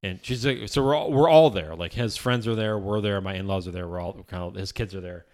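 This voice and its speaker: A man with a fairly low voice hosts a relaxed podcast chat from an office. He rambles, restarts his sentences and swears casually. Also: a little fast. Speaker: podcast host.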